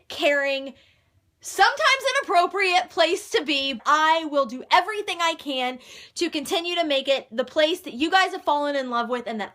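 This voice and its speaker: Bright high-voiced bubbly woman vlogger. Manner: loud and bubbly, swears playfully. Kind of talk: casual chat to camera.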